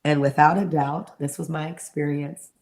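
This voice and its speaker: A middle-aged woman speaks low and gravelly as an interview guest. She tells her story earnestly and slips into the voices she remembers. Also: fairly even intonation, normal speed, darkish tone. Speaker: interview guest, mentor and therapist. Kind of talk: personal testimony in an interview.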